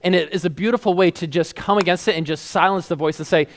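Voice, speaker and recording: A man preaches with quick, energetic delivery. His voice sits high, and he breaks into laughter as he acts out quoted lines. The sermon is lively and conversational. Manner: energetic, laughs often, quotes God in a lower voice.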